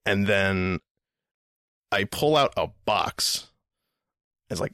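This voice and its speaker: A man's voice: lowish voice, expressive, takes it slowly, sharp tone, no echo, clean studio sound. A man hosting a podcast, telling a story in a rambling, casual way, repeating words and swearing now and then. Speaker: podcast host.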